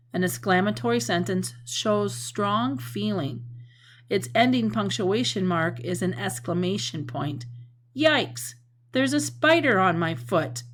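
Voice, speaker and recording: A woman's voice: mid-range voice, a little hiss or hum. A woman teacher giving a recorded lesson, explaining patiently and acting out example sentences with feeling.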